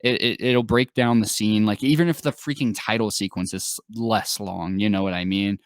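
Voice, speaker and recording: Low-voiced man chatting about films. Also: steady tone, moderate pace, no room sound, studio quality. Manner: enthusiastic, rambling with fillers. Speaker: podcast co-host. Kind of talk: casual film review chat.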